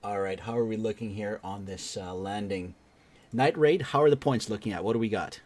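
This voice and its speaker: A man with a fairly low voice hosts a live stream, calling the action play by play. He keeps the talk upbeat and full of jokes and quick asides. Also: darkish tone. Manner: upbeat, joking banter.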